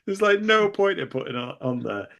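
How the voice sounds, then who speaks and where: A man's voice: high voice, sing-song, moderate pace, creaky, fairly bright tone. Wry man, dry podcast recap. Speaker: podcast co-host. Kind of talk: casual chat.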